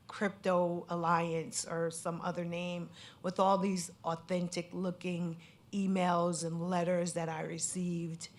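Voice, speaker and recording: A woman from Connecticut giving personal testimony at a panel event, speaking in an earnest, candid way with many fillers. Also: on the low side. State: at times emotional. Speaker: scam victim speaking on a panel.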